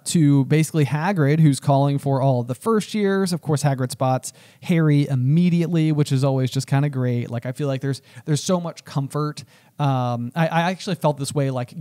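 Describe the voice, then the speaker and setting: A man's voice: medium pitch, moderate pace, dark tone. A young man co-hosting a casual podcast chat about a book, rambling with many restarts and fillers. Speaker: podcast co-host.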